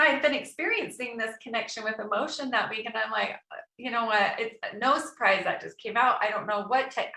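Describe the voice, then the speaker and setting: Middle-aged woman, guest storyteller, animated, echoey room sound. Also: medium pitch, vocal fry. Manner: animated, quotes her own thoughts aloud. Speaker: guest entrepreneur. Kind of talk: personal storytelling in an interview.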